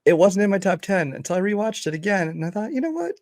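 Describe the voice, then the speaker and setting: A man's voice: sits high, fairly even intonation, fast, dry recording, clean studio sound. A man co-hosting a casual movie review podcast, speaking in an easygoing, hesitant way with frequent fillers and restarts. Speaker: podcast co-host.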